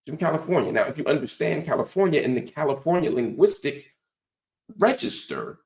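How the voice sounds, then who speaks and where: Male host, higher-pitched and very animated, emphatic lecture-style commentary, throws rhetorical questions. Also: a little fast, creaky, reverberant. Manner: frequent "right?" tag questions; profanity-laced colloquial talk. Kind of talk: political commentary monologue.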